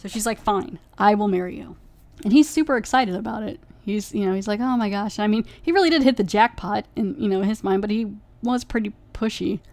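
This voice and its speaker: A woman's voice: medium pitch, quick pace, hardly any pauses, darkish tone, no room sound. A woman hosting a podcast, casually reviewing an episode and retelling its plot in a rambling way, full of "like" fillers. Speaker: podcast host.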